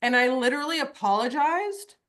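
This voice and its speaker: A woman's voice: high-pitched, a little fast. A woman coaching horse owners on a video call, telling stories and acting out the voices in them. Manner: lively storyteller, acts out voices. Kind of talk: online group coaching call.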